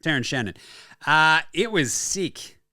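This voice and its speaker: An Australian man hosting a basketball show, talking casually and excitedly with frequent swearing and quick asides. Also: fairly high pitch, dry recording, studio quality. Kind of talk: casual sports talk.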